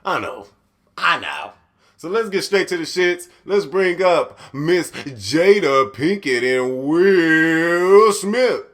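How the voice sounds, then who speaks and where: Animated, laughing podcast host man. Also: fairly high pitch, takes it slowly. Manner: profane, laughing, animated storytelling. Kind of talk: casual storytelling monologue.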